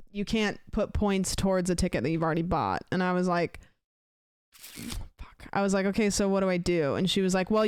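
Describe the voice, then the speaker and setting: Young woman streamer, rambling anecdote style, clean dry voice, mid pitch. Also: smooth, no echo. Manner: rambling storyteller, acts out both sides of a conversation. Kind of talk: casual chat to stream chat.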